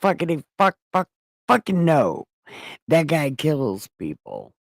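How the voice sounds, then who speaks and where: A woman's voice: deep voice, wildly swooping pitch, takes it slowly, vocal fry, no echo, studio quality, full character voice. A woman voicing a frightened, foul-mouthed woman medium in a comic scripture retelling. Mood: exasperated. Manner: swearing, exasperated.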